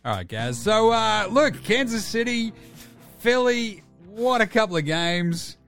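An Australian man hosts a sports podcast, talking in a quick, jokey, chatty way. His voice sits a little high and moves lively up and down. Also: faint music behind. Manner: jokey, fast and chatty with fillers. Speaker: podcast host. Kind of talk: casual sports podcast chat.

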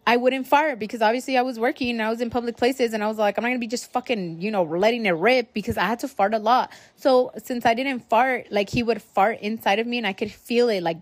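A woman's voice: medium pitch, no echo. A young adult woman hosting her own podcast, talking loosely and profanely and calling her listeners guys. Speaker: podcast host. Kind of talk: casual solo podcast monologue.

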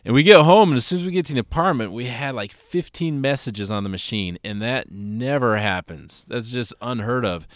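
A man spins a story for his podcast co-host, easygoing and full of little asides. His voice is smooth and clear. The sound is dry and close, with no room around it. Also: medium pitch, brisk, hardly any pauses, no room sound. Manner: relaxed, rambling anecdotes with fillers. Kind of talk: casual storytelling chat.

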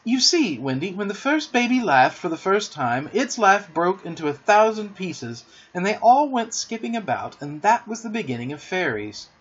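A man voicing an eager, boastful young boy who never wants to grow up, with lively boyish talk, in a dull lo-fi recording. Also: high-pitched, normal speed, few pauses, husky, voice pushed up, full character voice.

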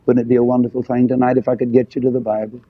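An older man preaches a revival sermon, folksy and emphatic, pushing up to loud peaks on key phrases. The lo-fi recording sounds dull and muffled. It is dry, with no room sound. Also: mid-range voice, little pitch movement, racing, husky, no room sound.

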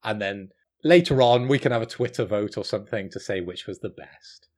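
A man's voice: lowish voice, a little fast. A British man co-hosting a podcast, teasing and joking with his friends. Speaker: podcast co-host. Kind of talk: casual podcast chat.

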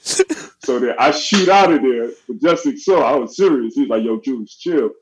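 A middle-aged man telling a story in casual chat, animated and acting out the voices of the people in it. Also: mid-range voice, normal speed, noisy background. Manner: animated, acts out quoted voices. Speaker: guest. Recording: dull lo-fi audio.

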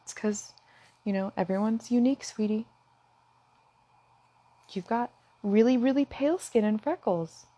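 A woman's voice: fairly high pitch, unhurried, long pauses, dark tone, no room sound. A woman talking straight to her viewers in an earnest, impassioned way, at times close to tears. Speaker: vlogger. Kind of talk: emotional direct-to-camera talk.

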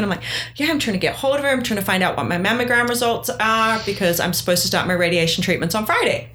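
A middle-aged woman chats casually, telling a story with lively energy. She acts out what other people said as she goes. A little faint noise sits behind her voice. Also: medium pitch. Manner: animated, acts out quoted dialogue. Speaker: guest sharing her story.

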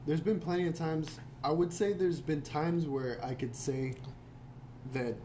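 Young guy with a fairly high voice, relaxed, teasing his friend. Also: measured pace, a little hiss or hum. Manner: laid-back, teasing, swears casually. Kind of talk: casual chat.

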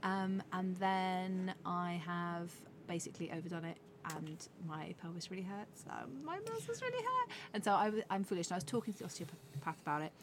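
A woman in her thirties, talking in a relaxed podcast chat with a slightly low voice. She is animated and slips into quick voiced asides as she tells a story. A faint hiss sits under the recording. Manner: animated, acts out her own thoughts in quoted asides. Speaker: podcast co-host, forest school leader. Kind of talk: casual chat.

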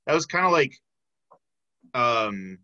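A man hosting a podcast in casual chat, hesitant, with lots of fillers, trailing off softly. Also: mid-range voice, sing-song, takes it slowly, dry recording, dull audio. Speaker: podcast host.

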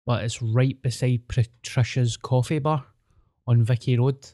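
A man's voice: mid-range voice, steady tone, a little slow, mellow, no room sound, studio quality. Sweary Scottish man telling stories. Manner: sweary, storytelling banter with broad slang. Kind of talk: casual chat.

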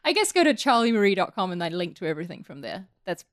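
A woman's voice: fairly low pitch, sing-song, fast talker. A woman, a guest on a podcast, chatting casually and laughing easily. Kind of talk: casual chat.

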